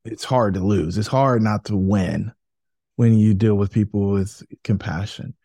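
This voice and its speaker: A male interview host with a lowish, mellow voice. He responds with encouragement and reflects on his guest's story. The recording sounds dry and close. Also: measured pace, dry recording. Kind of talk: interview conversation.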